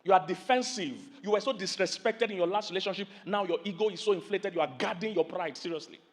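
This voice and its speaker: A Nigerian pastor in middle age delivers a sermon at a quick pace in a high, lively voice. He spins animated stories, throws questions out to the congregation, and performs loud voices along the way.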